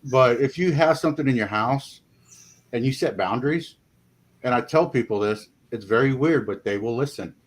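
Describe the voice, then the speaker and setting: A paranormal investigator appears as a guest in a casual interview, speaking in an expressive, medium-pitched male voice. He rambles in a folksy way, filling pauses with "you know."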